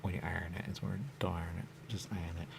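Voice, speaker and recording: A man with a deep, creaky voice hosts a radio show, speaking fast in a level tone with background noise behind him. Alone on the mic, he drifts and repeats himself, repeatedly using the catchphrase "there you go."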